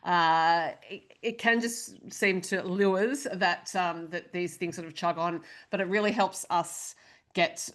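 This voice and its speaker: A woman with a lowish voice co-hosts a podcast in easy, casual chat. Her humour is dry and wry, and she teases without raising the stakes. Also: steady tone, takes it slowly, a bit bright. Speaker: podcast co-host.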